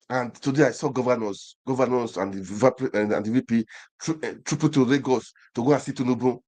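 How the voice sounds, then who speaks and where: A man's voice: mid-range voice, darkish tone. Impassioned Nigerian man ranting. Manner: fervent, repeats phrases, rhetorical questions. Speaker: online show host. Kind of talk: impassioned commentary monologue.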